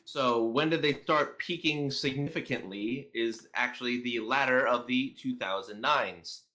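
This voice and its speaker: A man co-hosting a casual political commentary chat, often pausing with fillers as he reads through numbers. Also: mid-range voice, pushed and bright. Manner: reads out statistics haltingly, many fillers. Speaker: co-host.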